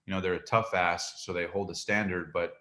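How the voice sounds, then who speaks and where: A man's voice: low voice, fairly even intonation, brisk, bright, forceful tone. A man hosting an interview, asking long, winding questions full of fillers and murmuring agreement while his guest speaks. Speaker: interview host. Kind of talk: conversational interview.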